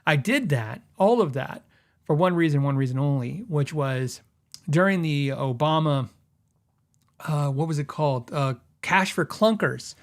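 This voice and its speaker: A middle-aged man with a somewhat high voice tells stories in a loose, rambling way. He acts out quoted back-and-forth dialogue and keeps the tone casual and chatty, like a podcast host. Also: unhurried. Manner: rambling, animated anecdotes with laughs and quoted dialogue. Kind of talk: casual storytelling.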